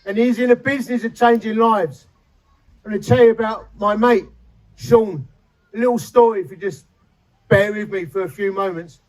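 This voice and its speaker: A man's voice: high voice, moderate pace, low-quality recording. A man, preaching a sermon and telling his conversion story with feeling and humor. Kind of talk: sermon testimony. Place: chapel.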